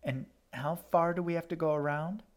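A man's voice: a little high, moderate pace, voice pushed up, natural voice. A man voicing a stubborn young girl who asks a lot of questions. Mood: petulant. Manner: petulant, questioning.

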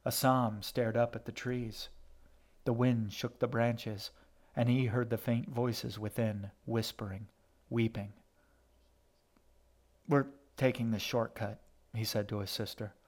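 A man reading a story aloud in steady, even scripted narration. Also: mid-range voice, measured pace.

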